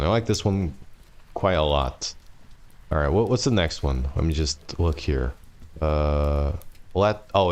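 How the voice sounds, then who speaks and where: A deep-voiced man reads a novel aloud on a live stream, then drifts into casual chat. He talks in an unhurried, laid-back way, swearing and laughing often.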